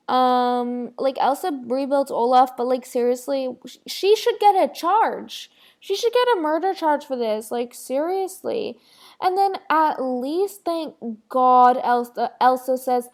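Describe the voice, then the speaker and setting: A woman with a high voice hosts a solo podcast, talking in a casual rant. She rambles and stresses her points, filling her sentences with "like" and "literally.". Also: unhurried, darkish tone. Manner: rambling, emphatic, heavy use of "like" and "literally". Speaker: podcast host.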